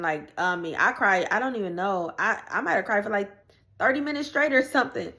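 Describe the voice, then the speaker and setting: A woman's voice: lowish voice, a bit bright. Earnest woman sharing her faith testimony. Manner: earnest and conversational, speaks directly to viewers; repeats and restarts phrases as she recounts her story. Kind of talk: casual testimony storytelling.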